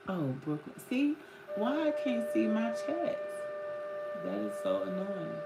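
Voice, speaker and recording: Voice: medium pitch, huge pitch swings, a little slow. A live-stream host giving a casual spiritual card reading, chatty and loose, talking to viewers in the chat. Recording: roomy echo with clear background music. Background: clear background music.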